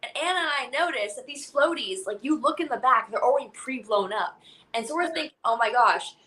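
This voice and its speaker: A young woman telling a story in casual chat, animated and laughing, acting out other people's lines. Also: high-pitched, brisk. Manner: animated, laughing, acts out quotes. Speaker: guest.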